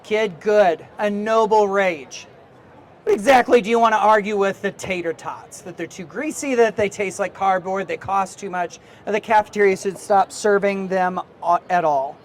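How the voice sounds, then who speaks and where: A man voicing a cranky but caring old-school male newspaper editor in a gruff, clipped put-on accent, reading chatbot replies aloud in character. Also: high-pitched, normal speed, slight background noise, natural voice.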